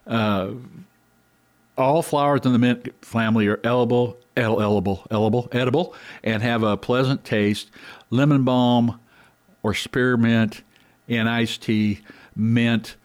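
A man's voice: medium pitch, steady tone, measured pace. A middle-aged man hosting a gardening talk, folksy and rambling with lots of fillers and restarts. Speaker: gardening show host.

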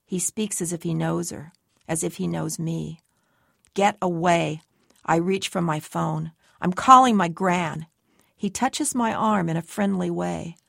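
A woman's voice: lowish voice, a little slow, vocal fry, fairly bright tone, no room sound, clean studio sound. A woman giving tense, anxious first-person story narration as an audiobook narrator.

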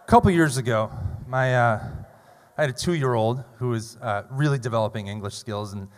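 A man in his thirties telling a funny, self-deprecating story live on stage at a story slam, with loud bursts. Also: medium pitch, moderate pace. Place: large theater stage. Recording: long hall reverb.

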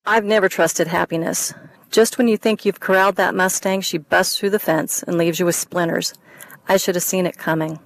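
A woman, the author, reading her first-person mystery novel aloud in a wry, expressive way. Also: lowish voice, normal speed, vocal fry, no room sound, low-quality recording.

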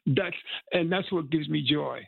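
A man's voice: a little high, vocal fry, slightly rough, dry recording, narrow, tinny audio. A man in his eighties from North Carolina, telling heartfelt stories in an earnest interview. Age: 80s. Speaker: musician and activist.

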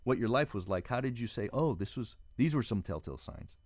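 A man's voice: mid-range voice, animated, a little fast, a little mellow, dry recording, studio quality. A man hosting an interview, asking curious follow-up questions and introducing his guest. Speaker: radio interview host.

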